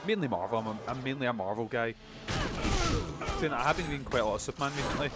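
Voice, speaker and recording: While streaming a video game, a man chats casually and rambles, swearing plenty. His medium-pitched voice comes rapid-fire, with game music playing behind him.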